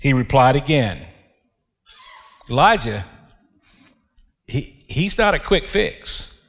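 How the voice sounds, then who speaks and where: A man preaching a sermon, reading scripture and explaining it with slow, emphatic delivery and dramatic pauses. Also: mid-range voice, very animated, fairly bright tone, big-room sound.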